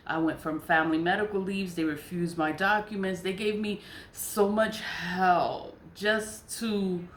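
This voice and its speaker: A woman rambles through a casual vlog story, circling back on her words and breaking into laughter. Her voice sits a bit low. The room around her is echoey with a faint hum. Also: steady tone, measured pace. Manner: rambling, repetitive, laughs often. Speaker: vlogger. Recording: roomy echo.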